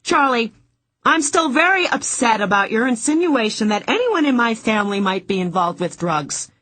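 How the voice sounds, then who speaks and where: A woman's voice: fairly high pitch, big pitch swings, normal speed, fairly bright tone, voice pushed up. A woman putting on a whiny, huffy client. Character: whiny, self-absorbed middle-aged woman client.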